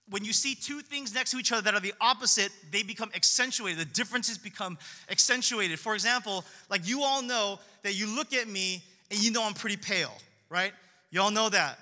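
A man preaching a sermon as pastor, animated and conversational, acting out quoted voices. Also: high voice, long reverb tail.

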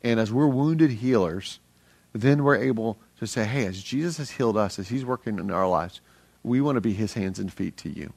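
A middle-aged man preaching a sermon as a pastor, energetic and earnest, speaking conversationally with frequent restarts. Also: on the low side, moderate pace, gravelly, slightly rough, no room sound.

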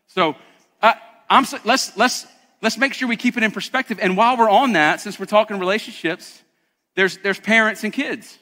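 Pastor, male, bright, forceful delivery, talky and emphatic sermon style, echo of a big hall. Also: sits high. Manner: emphatic, conversational preaching.

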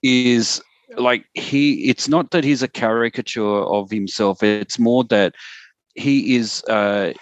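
A man's voice: medium pitch, takes it slowly, no room sound, muffled recording. A man hosting a casual sports podcast, talking in a chatty, rambling, reflective way. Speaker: podcast host.

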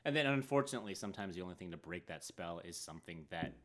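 A man's voice: low voice, rapid-fire. A man in casual podcast chat who jokes a lot and joins in on the silly bits. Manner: joking, lively, goes along with silly bits.

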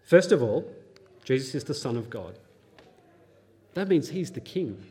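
A man's voice: medium pitch, very animated, a little slow, mellow. A man preaching a sermon, teaching earnestly, reading scripture aloud and adding light pop-culture asides. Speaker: pastor.

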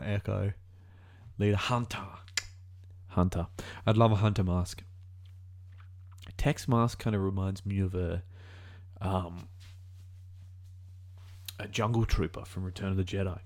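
A young Australian man talks through a casual reaction video with a somewhat low voice. He muses aloud as he goes, drifting between thoughts and correcting himself mid-sentence. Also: steady tone, measured pace, long pauses, darkish tone. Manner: musing aloud, rambling, self-correcting.

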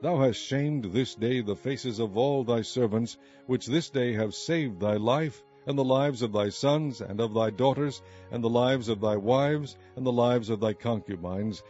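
A man's voice: mid-range voice, a little slow, few pauses, a little mellow, close to an everyday voice. A man voicing a stern army captain who sternly rebukes his king. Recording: muffled recording with faint music.

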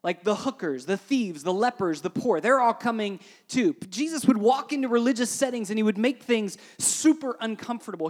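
A pastor delivers a sermon in a chatty, animated style, often tossing in "right?" asides and moving between quiet and loud. His voice sits at medium pitch.

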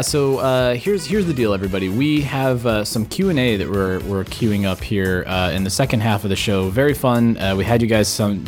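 A man co-hosting a casual podcast, talking loosely with lots of fillers and restarts. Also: fairly low pitch. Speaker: podcast co-host.

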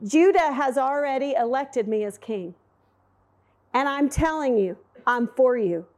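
A woman playing a defiant young king, fiery and emphatic, in a retold Bible story. He is high-voiced and talks in bold, punchy bursts. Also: measured pace. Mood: earnest. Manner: emphatic, lively retelling.

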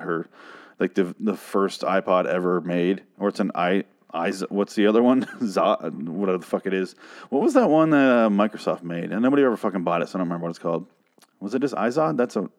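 A man hosting a podcast, recapping a TV episode in a rambling, profane, animated way. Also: deep voice. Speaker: podcast host.

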